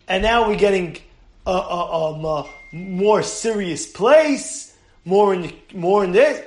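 A rabbi teaches his congregation in a lively, animated way, laughing often and acting out little scenes. His voice sits very high for a man. The room around him is roomy and echoing. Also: slow pace. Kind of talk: Torah class.

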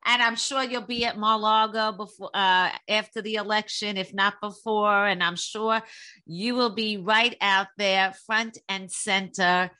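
A woman podcast host with a bright, clear voice of middling pitch. She praises her guest in a chatty, flowing way, easing into long, winding sentences. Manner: warm, praising interviewer. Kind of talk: podcast interview.

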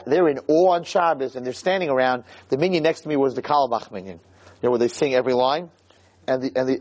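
A man's voice: medium pitch, a little mellow, rough recording. A man giving a heartfelt, storytelling religious lecture, stumbling over restarts and rising to fervent emphasis. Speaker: Jewish lecturer. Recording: recorded on camera, live talk.

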